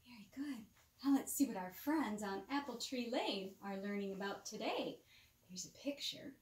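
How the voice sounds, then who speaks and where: A woman presenting a bedtime Bible lesson for children, animated and coaxing, asking questions and dropping to soft whispers, recorded with a roomy echo. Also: fairly high pitch, moderate pace.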